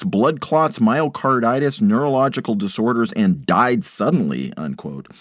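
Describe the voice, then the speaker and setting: In clean studio sound with no room ambience, a man hosts a podcast and reads quotes aloud. After each one he drops his voice low to add a sarcastic aside.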